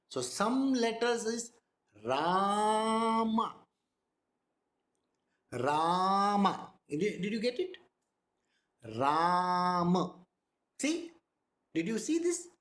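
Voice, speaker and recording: A man giving a spiritual discourse, speaking slowly, sounding out words and often checking whether listeners follow. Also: high-pitched, echoey room. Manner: slow, demonstrates pronunciation, asks listeners if they follow. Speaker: spiritual teacher.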